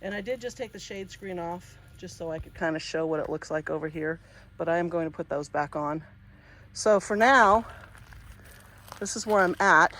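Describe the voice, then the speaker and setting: A man's voice: high voice, moderate pace, sharp tone. A man giving a casual walkthrough of his outdoor garden, chatty and rambling, often restarting his sentences. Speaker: gardening vlogger.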